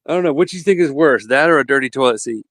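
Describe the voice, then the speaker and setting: A man hosting a podcast, chatting casually and telling animated stories with frequent laughter. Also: mid-range voice, fast, no room sound. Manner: animated storyteller, laughs often. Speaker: podcast host. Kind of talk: casual chat.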